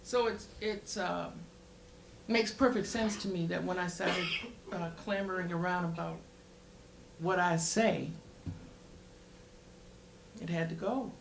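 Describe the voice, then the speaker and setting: A woman's voice: lowish voice, fairly even intonation, slow, gravelly, long pauses, background noise. A woman on a symposium panel telling a family story thoughtfully, with hesitations. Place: symposium panel in a large room. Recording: roomy room sound.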